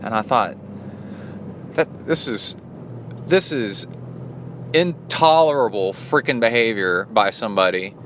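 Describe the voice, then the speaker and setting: A man's voice: fairly low pitch, measured pace, long pauses, background noise. A man hosting a podcast as a coach, telling a story in a rambling, indignant way with many fillers. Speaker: podcast host and endurance coach. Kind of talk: casual storytelling monologue.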